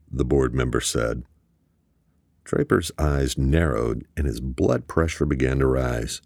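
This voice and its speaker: Very deep-voiced man narrating a thriller. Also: measured pace, creaky, a little mellow, dry recording, studio quality. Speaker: audiobook narrator. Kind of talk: scripted narration.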